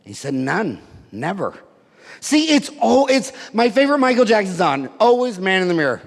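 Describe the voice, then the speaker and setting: A man's voice: high voice, very animated, fairly quick. A middle-aged man giving a brash, profane, comedic rant at a seminar, telling stories one after another. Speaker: seminar speaker. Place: conference hall. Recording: hall reverb, live seminar.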